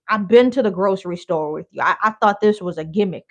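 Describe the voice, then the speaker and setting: A woman's voice: medium pitch, lively intonation, a little fast. A woman from Wisconsin telling a story in a casual, chatty, blunt way as a vlogger. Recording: dull lo-fi audio.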